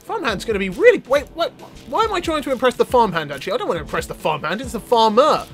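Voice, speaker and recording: A man giving animated, joking gameplay commentary to his viewers. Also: extremely high pitch, quick pace, faint music behind. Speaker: gaming YouTuber.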